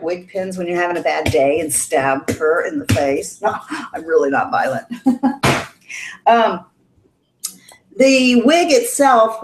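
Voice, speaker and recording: A woman's voice: mid-range voice, slight background noise. Chatty laughing middle-aged woman, roomy sound. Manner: chatty, laughs often, animated quoting. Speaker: guest on a livestream. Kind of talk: casual storytelling chat.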